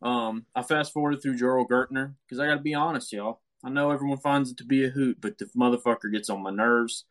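A man's voice: mid-range voice, fairly even intonation, fairly quick, hardly any pauses, fairly bright tone. A man in casual chat giving blunt, profane opinions. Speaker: podcast co-host.

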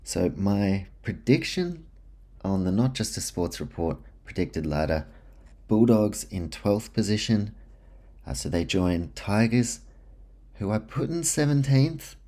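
Casting: deep-voiced male podcast host, casual and self-mocking. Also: very animated, measured pace, warm tone. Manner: chatty, self-deprecating, runs through name lists. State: dry mouth. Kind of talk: casual solo sports podcast.

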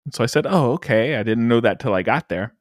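A man's voice: lowish voice, fast talker, slight background noise. A man co-hosting a casual gaming podcast, telling funny stories in a jokey, self-mocking way. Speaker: podcast co-host. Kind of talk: casual podcast chat and storytelling.

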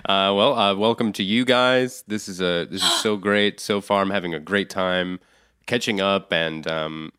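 A man's voice: sits low, moderate pace, sharp tone, clear, resonant tone, no room sound, clean studio sound. A man as a podcast guest, sheepish and self-deprecating in casual chat.

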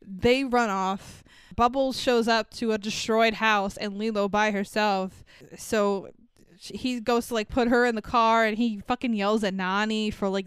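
Woman podcast host, crisp and dry, chatty and profane, laughs often. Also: mid-range voice, no echo. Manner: profane, laughing, acts out quotes. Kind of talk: casual chat.

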